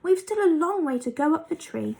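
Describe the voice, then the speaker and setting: A woman's voice: very high voice, lively intonation, a little fast, creaky, warm tone, voice pushed up, full character voice. A woman voicing a sensible, earnest young girl in a children's story.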